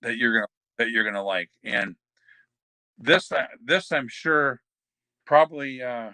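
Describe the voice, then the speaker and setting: A man's voice: mid-range voice, lively intonation, a little slow, sharp tone, no room sound. An older man, a former wrestler, telling backstage anecdotes as a podcast guest, rambling with many fillers and restarts. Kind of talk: anecdotal storytelling.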